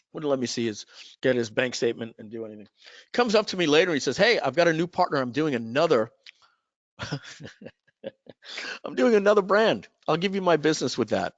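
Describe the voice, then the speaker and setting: A man's voice: mid-range voice, dry recording, dull audio. A man hosting a live webinar, talking in a chatty sales manner and telling stories with asides. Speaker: webinar host.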